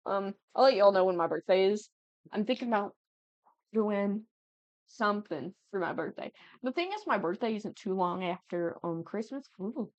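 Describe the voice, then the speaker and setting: A 19-year-old gaming YouTuber chats casually at home over gameplay, her medium-pitched voice animated and her pace moderate. She rambles and giggles, hopping from one thought to the next. The recording is dull, lo-fi and dry, with no room sound.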